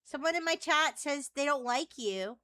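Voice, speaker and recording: A woman's voice: high voice, lively intonation, normal speed, bright, forceful tone. A woman streamer teasing and chatting playfully with an AI voice on a live stream. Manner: playful, teasing, flirty questions.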